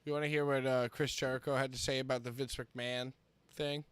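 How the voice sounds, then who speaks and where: A man's voice: mid-range voice, little pitch movement, a little fast, smooth, dry recording. A man co-hosting a casual wrestling podcast, playfully reading a news quote aloud to his co-hosts. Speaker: podcast co-host.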